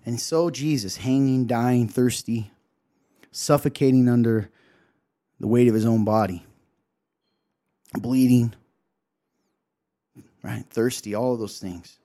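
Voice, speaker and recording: A man's voice: mid-range voice, slow pace, long pauses, warm tone. Earnest man preaching a devotional talk. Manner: earnest, emotional, acts out quotes, many "right?" asides. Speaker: co-host sharing a devotional. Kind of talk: heartfelt sermon-style talk.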